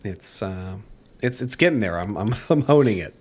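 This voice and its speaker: Man with a head cold, slightly gravelly. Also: lowish voice, animated, moderate pace. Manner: jokey, rambling, self-mocking. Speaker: podcast co-host. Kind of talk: casual podcast chat.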